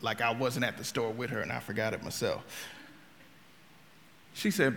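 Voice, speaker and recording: A man preaching a sermon in a conversational, humorous way, telling stories and swinging between quiet talk and loud outbursts. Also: mid-range voice, moderate pace, creaky, long pauses, big-room sound.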